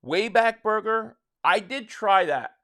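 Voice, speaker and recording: A man's voice: high voice, expressive, slow pace, sharp tone. A man from South Jersey hosting a live stream, chatting casually and rambling as he answers viewer comments, with frequent restarts. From South Jersey, near Philadelphia.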